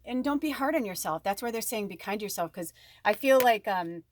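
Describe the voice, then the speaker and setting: A woman giving a casual spiritual card reading, chatty and rambling with frequent ums, warm and encouraging toward her viewers. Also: mid-range voice, lively intonation, a little fast, a little hiss or hum.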